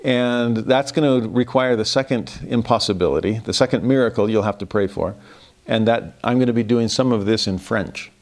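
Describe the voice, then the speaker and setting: A male religious teacher gives an earnest, reflective devotional lesson about Christmas, mixing in some self-deprecating humor. His voice is mid-range and his pace moderate.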